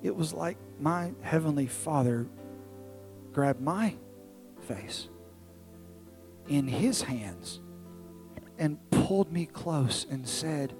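A man in his thirties preaching a sermon in a church service, telling a personal story that swings from excited to hushed and tender. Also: on the high side, slow pace, pauses often, faint music behind, poor audio. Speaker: pastor.

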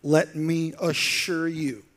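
Taking his time, a male pastor with a fairly high-pitched voice tells the story in his sermon. He performs quotes with liveliness and slips into soft, intense lines.

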